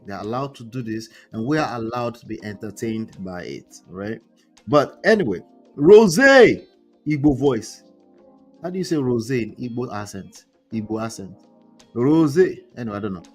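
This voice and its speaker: A man's voice: on the low side, expressive, fairly quick, soft background music. A man hosting a casual live stream, reading posts aloud and reacting with chatty asides. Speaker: relationship commentary host.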